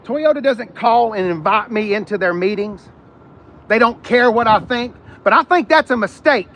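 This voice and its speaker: A man's voice: high voice, lively intonation, normal speed, a bit bright. A man hosting a live car-lot stream outdoors, talking bluntly and joking with viewers, with no microphone and wind hitting the mic. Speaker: car channel host. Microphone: no external mic, wind on the mic.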